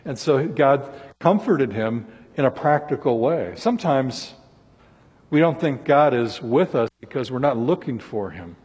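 Male preacher, earnest sermon delivery, husky tone, long hall reverb. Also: medium pitch, expressive, unhurried, a little mellow. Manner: earnest, voices scripture laments with rising intensity.

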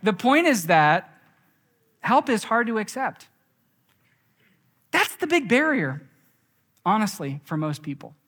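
A young adult man preaching a sermon, telling stories with lively acted quotes. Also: sits high, slow pace, pauses often. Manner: animated storytelling with acted quotes. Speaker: pastor. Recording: reverberant hall.

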